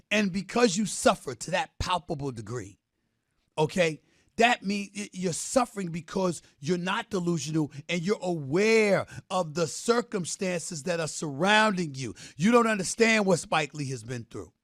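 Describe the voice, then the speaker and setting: A man hosting a sports debate show, delivering a theatrical, emphatic rant, often shouting and repeating phrases for effect. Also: high voice, no echo, studio quality. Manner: drawn-out repetition for effect. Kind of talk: impassioned sports talk rant.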